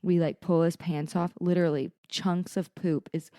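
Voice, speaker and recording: Low-voiced woman, blunt chatty co-host. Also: little pitch movement, mellow, no echo, clean studio sound. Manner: reactive, quick interjections, blunt. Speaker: podcast co-host. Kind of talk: casual chat.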